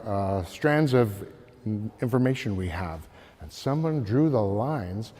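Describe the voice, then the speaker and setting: A man giving an art history slide lecture, halting with many fillers and calling for the next slide. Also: mid-range voice, warm tone. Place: lecture hall. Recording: long hall reverb.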